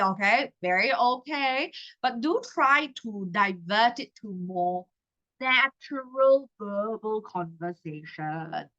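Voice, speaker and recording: A woman in her thirties with a Malaysian English accent runs an exam-prep class in a chatty style, often tacking "okay?" onto her points. Her voice is a little high, bright and forceful, animated but slow-paced. The recording is rough.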